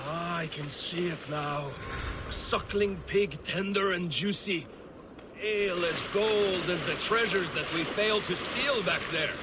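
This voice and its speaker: An actor playing a hearty Viking warrior, boisterous and eager for ale and a fight. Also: male voice, high-pitched, unhurried. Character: hearty male Viking warrior, hungry for food and battle. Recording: game audio with noise.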